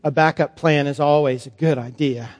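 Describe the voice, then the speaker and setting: A man, a priest, performing a first-person Bible monologue in a sermon, conversational and halting with fillers. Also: a little high, fairly even intonation, darkish tone. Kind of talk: dramatic monologue as Peter in a sermon. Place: church sanctuary. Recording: long church reverb.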